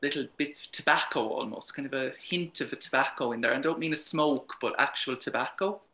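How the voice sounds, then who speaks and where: A man's voice: mid-range voice, a little fast, bright, forceful tone. A man co-hosting a podcast, chatting casually with frequent laughs and fillers. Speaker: podcast co-host. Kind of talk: casual chat. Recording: roomy echo.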